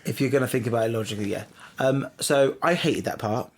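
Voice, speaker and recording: A man's voice: medium pitch, fast. A man co-hosting a casual podcast, given to incredulous outbursts. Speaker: podcast co-host. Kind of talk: casual chat.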